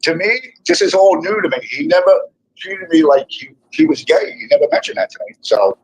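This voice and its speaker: An older man with a New York accent, a guest on a livestream chat, excitable and repeating himself as he insists he is honest. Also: high-pitched, fairly quick, breathy edge, rough recording.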